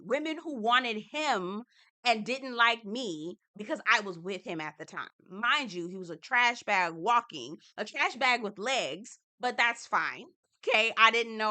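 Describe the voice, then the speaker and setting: Bright, lively woman recapping reality TV. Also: mid-range voice. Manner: animated and expressive, laughing, acting out quotes. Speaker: TV recap host.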